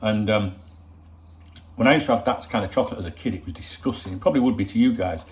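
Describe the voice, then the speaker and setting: A man's voice: lowish voice, fast. A man hosting a casual football vlog at home, chatty, joking and swearing freely as he rambles to viewers. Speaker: football channel host.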